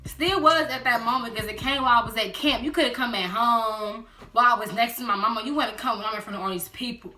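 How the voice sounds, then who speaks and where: A young woman chatting casually in a storytime vlog, acting out quotes in lively voices. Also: on the high side, fast talker, hardly any pauses, slight background noise. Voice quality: animated, acts out quotes in voices. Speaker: vlogger. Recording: roomy echo with background music.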